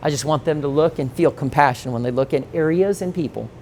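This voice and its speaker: A man in his forties, a pastor teaching a conference session, telling stories with lively acted-out quotes and frequent laughter. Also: a little high, fairly quick, a little hiss or hum. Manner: animated storytelling, acts out quoted voices, laughs often.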